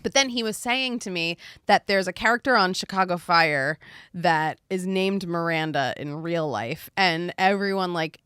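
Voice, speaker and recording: A woman co-hosting a podcast in casual chat, telling an animated story, acting out quotes, with quick asides and swearing. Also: fairly low pitch, clear, resonant tone, dry recording, studio quality. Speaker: podcast co-host.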